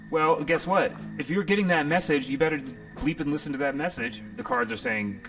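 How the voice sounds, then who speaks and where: A man's voice: a little high, animated, a little fast, gravelly, distant mic, over music. A man hosting a live tarot reading stream, rambling and jokey, sometimes profane. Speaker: tarot reader and stream host.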